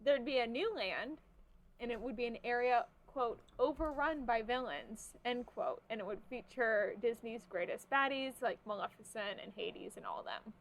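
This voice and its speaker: A young woman with a somewhat high voice co-hosts a casual podcast. She talks in a chatty, animated way, peppered with fillers. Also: moderate pace. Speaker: podcast co-host. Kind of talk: casual chat.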